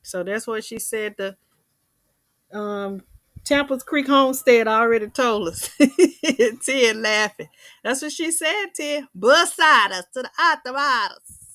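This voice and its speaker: A woman's voice: fairly high pitch, unhurried, a bit bright, no echo, poor audio. A woman hosting a casual livestream, chatting, reading viewer comments aloud and laughing often. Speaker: livestream host.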